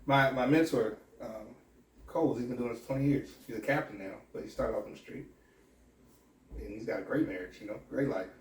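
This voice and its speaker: A man's voice: medium pitch, brisk, far from the mic. Candid man, deputy, in echoey room. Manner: reflective, candid, with frequent restarts. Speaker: sheriff's deputy and police academy instructor. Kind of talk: earnest podcast interview.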